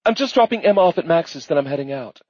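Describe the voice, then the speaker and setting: Guy voicing a sweet girlfriend on the phone, lively up-and-down pitch, audiobook. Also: fast talker, no room sound, muffled recording.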